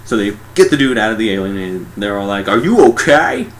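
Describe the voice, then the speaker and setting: A man's voice: fairly low pitch, quick pace, background noise. A sarcastic young man giving a casual, mocking movie review.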